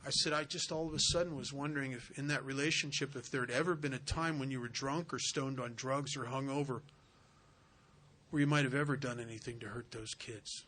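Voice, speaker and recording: A man's voice: medium pitch, steady tone, a little fast, bright, forceful tone, slight background noise. A man speaking at a spiritual retreat, telling a recovery story in an earnest way and acting out the dialogue. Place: retreat center hall.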